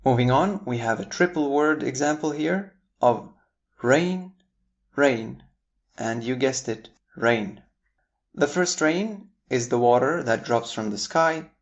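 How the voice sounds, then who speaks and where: A man with an American accent explaining confusing English word pairs in a clear, deliberate lesson, spelling words out letter by letter. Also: lively intonation, dull audio. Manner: upbeat jumps in pitch at each new word pair. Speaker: English teacher. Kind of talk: scripted lesson narration.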